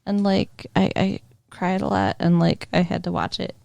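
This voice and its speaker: A woman co-hosting a podcast in casual chat, easygoing and quick to laugh. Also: lowish voice, fairly even intonation, creaky, darkish tone, no echo. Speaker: podcast co-host.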